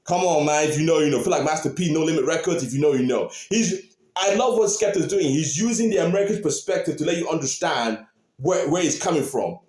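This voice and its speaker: A man hosting a reaction video, talking casually and excitedly to his viewers and repeating his points. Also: on the high side, fast. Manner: animated, repeats phrases, talks to viewers. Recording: roomy echo.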